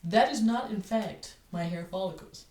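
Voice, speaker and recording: A woman's voice: mid-range voice, moderate pace, darkish tone, recorded from a distance. A young woman telling stories in a casual, rambling way, full of "like" fillers and swearing, recorded in her living room. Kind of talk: casual storytelling. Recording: roomy, off-mic, faint noise.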